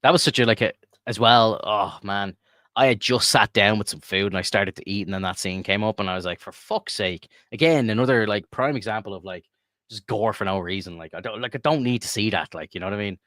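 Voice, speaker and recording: A young man with a lowish voice chats loosely on a podcast. He swears often, rambles through long "like"-filled riffs and keeps breaking into laughter. The recording is dry and close, with no room sound. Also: fast, sharp tone, dry recording. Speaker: podcast co-host. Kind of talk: casual chat.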